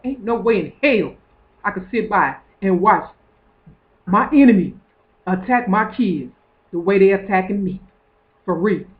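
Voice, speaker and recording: Male vlogger, high-pitched, intense and preachy, swears often and repeats his phrases; lo-fi phone-quality sound. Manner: repetitive and profane, keeps asking "you understand what I'm saying". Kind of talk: preachy street monologue to camera. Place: room in an apartment building.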